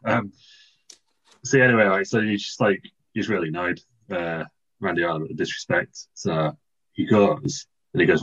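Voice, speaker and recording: A man co-hosting a casual podcast, rambling and laughing through a silly story pitch. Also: fairly even intonation, normal speed, fairly bright tone, breathy edge, muffled recording. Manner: rambling, laughing, restarts, puts on silly voices in quotes. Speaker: podcast co-host. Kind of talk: casual comedic chat, pitching a wrestling storyline.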